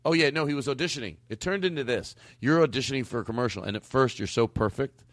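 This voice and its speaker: Talking fast, a man hosting a comedy podcast rambles, interrupts himself, and breaks into high-pitched bits as he riffs with his guest. No room sound is audible.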